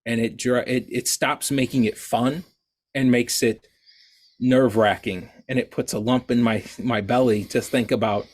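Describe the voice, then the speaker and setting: A man talks casually as a podcast guest, his voice sitting at an ordinary middle pitch. He rambles through restarts and laughs at his own expense. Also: steady tone, moderate pace. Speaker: guest artist.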